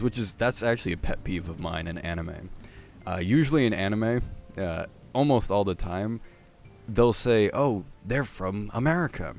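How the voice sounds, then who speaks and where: A man's voice: deep voice, gravelly. A young man hosting casual anime commentary, rambling with many fillers and restarts.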